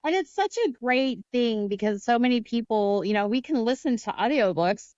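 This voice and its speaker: A woman co-hosting a podcast, talking in a relaxed, conversational way. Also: on the high side, normal speed, clear, resonant tone, no echo, highs cut off. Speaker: podcast co-host. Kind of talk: casual interview chat.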